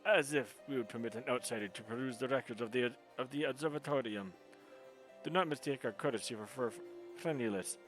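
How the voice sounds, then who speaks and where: A man's voice: mid-range voice, a little fast, faint music behind, pitched above the performer's own voice, lightly acted. A man voicing a proud, haughty male knight commander in a put-on French accent, speaking formally and stiffly. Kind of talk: reading game dialogue in voices.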